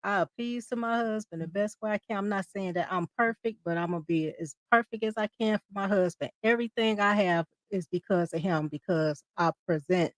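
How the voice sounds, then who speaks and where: A woman on a panel speaking in a slow, assured manner. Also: on the low side, darkish tone, no echo. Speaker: panel guest. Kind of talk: casual panel discussion.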